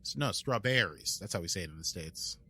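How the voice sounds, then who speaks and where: A man's voice: sits low, lively intonation, fairly quick, sharp tone, slightly rough. A man from Brooklyn, a podcast host giving a casual, rambling recap with lots of fillers and playful banter. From Brooklyn, New York.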